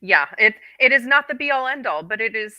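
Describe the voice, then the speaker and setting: Female host with a very bright timbre, affirming, flowing delivery, dry sound. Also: a little high, lively intonation, fairly quick, dry recording, lo-fi sound. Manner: warm, affirming, speaks in flowing run-on thoughts. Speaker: therapist and show host. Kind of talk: unscripted conversation on a call.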